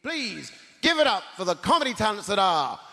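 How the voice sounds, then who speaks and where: A man announcing the comedian, shouting an introduction. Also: high voice, sing-song, a little fast, gravelly. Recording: distant voice in a noisy echoing hall.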